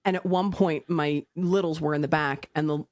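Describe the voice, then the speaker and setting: A woman in her thirties co-hosting a casual podcast, telling parenting stories with lively acted-out moments. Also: sits low, normal speed, dry recording. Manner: animated storytelling, acts out her own yelling. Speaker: podcast co-host. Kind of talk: casual chat.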